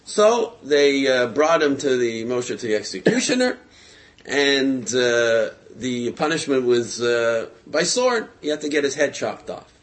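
A man telling a religious story in a casual, lively way, with frequent hesitations, fillers and chuckles. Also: medium pitch, unhurried.

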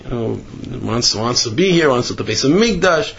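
A man giving a Torah class sermon with animated storytelling, rising in pitch for emphasis. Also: normal speed, vocal fry, muffled recording, a little hiss or hum. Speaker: religious teacher.

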